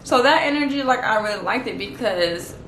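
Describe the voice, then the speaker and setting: Woman from LA for a loose, chatty vlog story; light high voice, roomy echo. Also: expressive, fairly quick, fairly bright tone, slight background noise. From Los Angeles. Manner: chatty, slangy, heavy use of "like". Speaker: vlogger. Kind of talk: casual storytime. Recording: echoey room.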